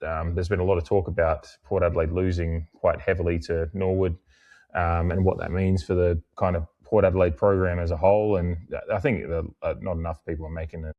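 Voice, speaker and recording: Podcast co-host: young man, low voice, loose rambling delivery with fillers. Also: fairly quick, highs cut off. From Australia. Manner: rambling, lots of fillers and restarts; mimics other people in animated, higher-pitched bursts while retelling. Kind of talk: casual podcast chat.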